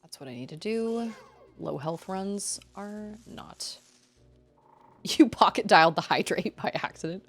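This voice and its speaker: A young woman talks her way through a live game stream, her voice swinging lively up and down as she rambles between the game and her chat. Faint game music plays underneath her. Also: medium pitch, measured pace. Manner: chatty and rambling, reacting to the game and chat aloud. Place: at home.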